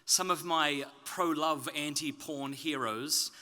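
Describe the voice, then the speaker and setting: A man from Australia with a softened, slightly British-leaning Australian accent, giving a conference talk with self-deprecating jokes before turning earnest and explanatory. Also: on the high side, takes it slowly. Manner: joking, then earnest and explanatory. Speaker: speaker. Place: conference stage.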